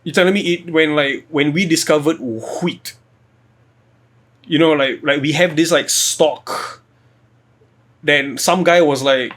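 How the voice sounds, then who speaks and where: A man's voice: fairly high pitch, slow, pauses often. A young man co-hosting a podcast, rambling and swearing in casual chat. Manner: rambling, profane, animated. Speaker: podcast co-host.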